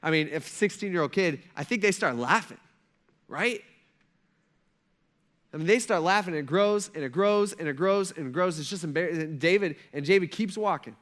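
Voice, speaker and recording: A man's voice: fairly high pitch, moderate pace, fairly bright tone. A male pastor preaching a sermon, telling a story with energy and acting out the characters' lines in casual speech.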